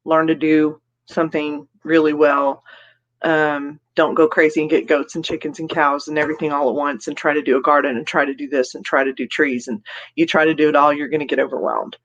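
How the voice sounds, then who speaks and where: A woman's voice: low-pitched, steady tone, brisk, a bit bright, lo-fi sound. A woman hosts a casual live stream and chats in a loose, rambling way. She reads out viewer comments and greets people by name. Giggles come often between her remarks.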